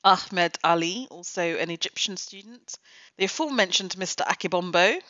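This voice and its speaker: A woman's voice: on the low side, normal speed, sharp tone, no echo, highs cut off. A woman hosting a book review podcast, talking in a wry, critical, conversational way. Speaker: podcast host.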